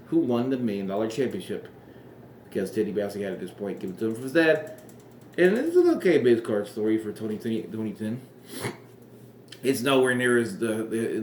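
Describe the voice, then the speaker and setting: A man's voice: medium pitch, darkish tone, reverberant, slight background noise. A man casually reviewing an old wrestling show, sarcastic and profane, rambling.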